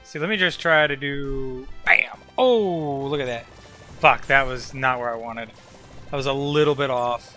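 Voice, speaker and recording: Bright-voiced young man streaming games. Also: mid-range voice, measured pace, soft background music. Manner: loose, profane, rambling with many fillers. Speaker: game streamer. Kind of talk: casual live-stream commentary.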